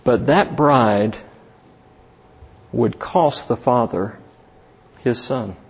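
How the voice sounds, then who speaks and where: A man preaching a sermon as pastor, slow and emphatic, lifting his voice on key words. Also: mid-range voice, gravelly, husky, lo-fi sound.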